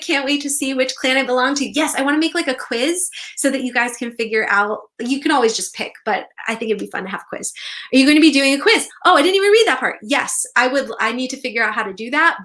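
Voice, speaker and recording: A young woman hosting a casual livestream, bubbly and excitable, reading out viewer comments and squealing with delight. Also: high voice. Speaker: author and livestream host.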